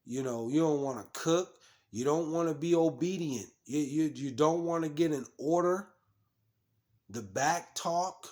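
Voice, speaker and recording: A man's voice: fairly high pitch, a little slow, a little mellow. A man preaching, reading scripture and commenting on it in a scolding, repetitive way, stumbling over restarts and fillers.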